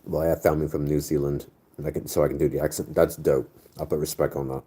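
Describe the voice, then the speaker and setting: A man's voice: a bass voice, little pitch movement, fast talker, warm tone, slightly rough. A man in his thirties chatting casually with his audience in a crude, joking, rambling way. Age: 30s. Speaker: streamer reading chat. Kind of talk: casual chat.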